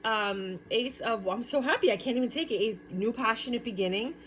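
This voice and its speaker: Excitable woman reading tarot. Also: on the high side, a little fast, a little hiss or hum. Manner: excitable, chatty, exclaims and laughs often. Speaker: tarot reader. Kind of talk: casual tarot card reading.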